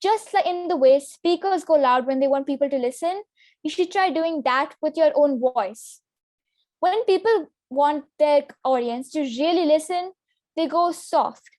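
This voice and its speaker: A young woman presenting a public speaking lesson in a clear, instructive way. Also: high-pitched, a little slow, a little mellow, no room sound, studio quality. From Singapore. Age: teenager. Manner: clear, instructive delivery with demonstration sentences. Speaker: student workshop presenter.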